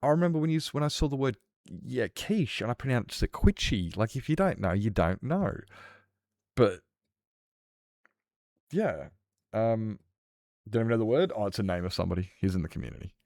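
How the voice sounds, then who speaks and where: A man's voice: lowish voice, lively intonation, normal speed, creaky, pauses often, a little mellow, no room sound, clean studio sound. An Australian man streaming a game, chatting casually and rambling with lots of fillers while he responds to chat.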